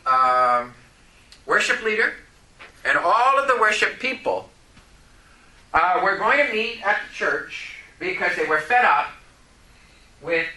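A man preaching a sermon, telling a story and rising to loud, impassioned outbursts. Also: high voice. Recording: echoey room.

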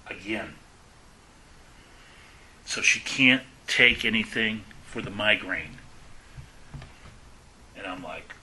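A man preaching a testimony-style sermon, telling stories and acting out the dialogue, often dropping to a hushed voice for the quoted lines. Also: on the low side, slow pace, pauses often, slight background noise, poor audio.

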